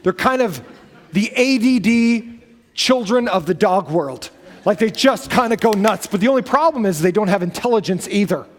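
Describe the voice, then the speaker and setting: A male pastor preaches in a relaxed, storytelling manner. He corrects himself and wanders into asides. His fairly high voice carries a long reverb through a church sanctuary. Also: moderate pace. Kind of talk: sermon.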